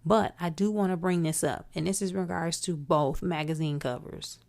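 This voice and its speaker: Woman, podcast host, solo commentary, lower-pitched voice, outspoken, emphatic. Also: steady tone, normal speed, creaky, a little mellow. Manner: outspoken, emphatic, addresses listeners directly.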